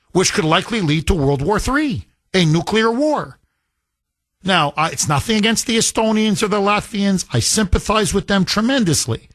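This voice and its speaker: A man's voice: high-pitched, a bit bright, no echo, studio quality. A man hosting a political talk radio show, speaking emphatically and firing off rhetorical questions. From United States.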